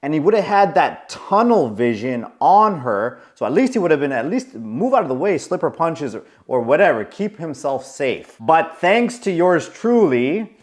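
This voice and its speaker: A man in his forties tells a story straight to camera, casual and animated, acting out the people in it. His voice sits a little high and swings widely in pitch. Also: moderate pace, few pauses. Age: 40s. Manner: animated, acts out quoted voices. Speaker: coach.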